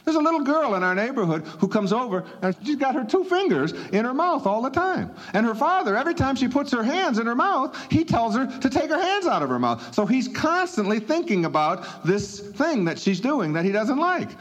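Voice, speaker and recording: A man's voice: very high-pitched, very animated, brisk, few pauses. A man giving a motivational talk in a conversational, emphatic way, chuckling between points. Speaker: motivational speaker.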